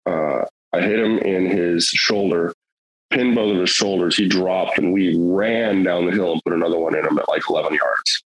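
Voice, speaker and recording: A man's voice: sits low, normal speed, husky, low-quality recording. A middle-aged man telling a hunting story in casual, rambling, earnest talk, with many fillers and restarts.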